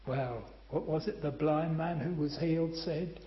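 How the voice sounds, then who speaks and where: An older man preaching a sermon, slow and emphatic, calling his listeners friend. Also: a little high. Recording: roomy, slightly dull church recording.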